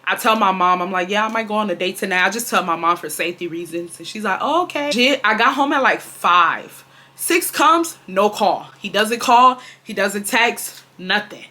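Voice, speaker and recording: A woman's voice: medium pitch, bright, forceful tone. A woman in her twenties from Houston, Texas, telling a dramatic storytime to her viewers, swearing freely and calling them y'all. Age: 20s. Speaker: storytime vlogger. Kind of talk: casual storytelling to camera.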